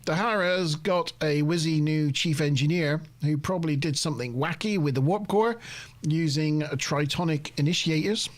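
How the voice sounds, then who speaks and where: A man hosts a casual review podcast, talking through the episode in a loose, meandering way. His voice sits a little high for a man, and he pads his sentences with ums and uhs while joking at his own expense. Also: normal speed. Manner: rambling, self-deprecating, heavy on fillers. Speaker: host of a TV review show.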